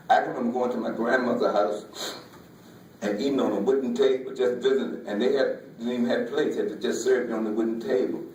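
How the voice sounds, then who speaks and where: A man, a folk artist, giving an emotional personal talk in a halting way, often repeating words, with Southern vernacular. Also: mid-range voice, fairly even intonation, a little mellow, a little hiss or hum. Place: museum lecture hall. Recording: echoey hall, voice from far off.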